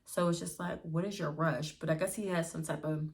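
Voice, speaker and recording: Young woman doing a chatty storytime vlog, kinda low voice, keeps saying y'all. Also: a little fast, gravelly. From Pittsburgh area, US. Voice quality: lively, swears freely, addresses viewers as y'all. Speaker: vlogger. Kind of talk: casual storytime.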